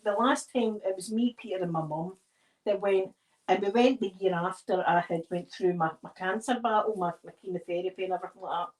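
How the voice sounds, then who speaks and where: Briskly and in a mid-range voice, a Scottish ASMR creator talks while decorating a tree, her stories drifting and digressing one into another. She sounds relaxed, like someone chatting while occupied with a task.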